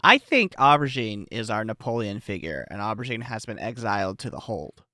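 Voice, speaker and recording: A man chatting playfully on a podcast, quick to laugh. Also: fairly low pitch, sing-song, pushed and bright, dry recording, studio quality. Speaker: podcast player. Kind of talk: casual chat.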